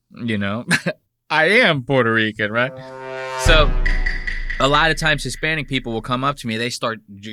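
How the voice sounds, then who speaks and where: A man's voice: mid-range voice, pushed and bright, no room sound, studio quality. An American man in his thirties hosting a podcast, ranting in casual commentary full of profanity. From United States. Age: 30s. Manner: profane, heated, rambling. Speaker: podcast host.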